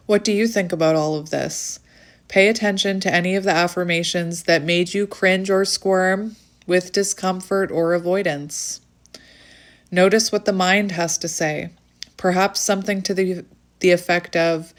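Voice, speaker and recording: Low-voiced woman reading affirmations aloud. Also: steady tone. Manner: slow affirmations with candid chatty asides. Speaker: tarot channel host. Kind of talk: reading a self-help book aloud with personal asides.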